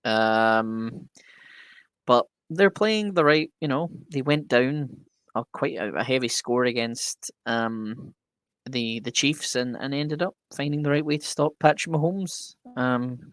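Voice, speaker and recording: A man co-hosting a sports podcast, chatting casually and enthusiastically with a quick sense of humor. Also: mid-range voice, fairly bright tone, smooth, no echo. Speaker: podcast co-host.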